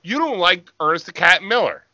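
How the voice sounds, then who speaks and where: A man's voice: high voice, lively intonation, a little fast, sharp tone, no room sound. A man co-hosting a podcast, sarcastic and profane as he picks apart old wrestling. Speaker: podcast co-host. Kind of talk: crude comedic podcast banter.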